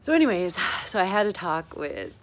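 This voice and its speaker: A woman's voice: lowish voice, very animated, fairly quick. A woman vlogging in a casual, confessional monologue, rambling and effusive with lots of "like", often laughing as she talks. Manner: rambling and effusive, heavy use of "like"; laughs often while talking.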